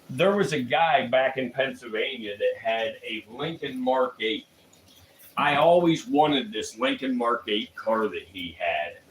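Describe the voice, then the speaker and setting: A man's voice: mid-range voice, a bit bright. A man casually telling rambling, profanity-laced stories on a livestream, laughing often between lines. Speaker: livestream host. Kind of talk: casual storytelling. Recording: echoey room with faint ambient noise.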